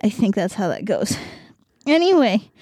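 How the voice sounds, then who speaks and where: A woman's voice: medium pitch, sing-song, moderate pace, mellow, no echo, clean studio sound. A young woman hosting a podcast, casually retelling a story with a rambling, giggly manner and many fillers. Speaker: podcast host. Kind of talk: casual chat.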